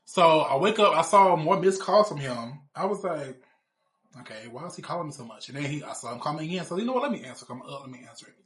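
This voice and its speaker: A man's voice: fairly high pitch, animated, fast talker, hardly any pauses. A man in his thirties telling a personal story in a casual, blunt, rambling way with plenty of swearing. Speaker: show cast member.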